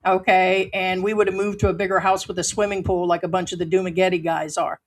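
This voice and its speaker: A woman's voice: lowish voice, little pitch movement, fast. A woman hosting a casual live stream from home, talking bluntly and swearing freely as she reads viewer comments.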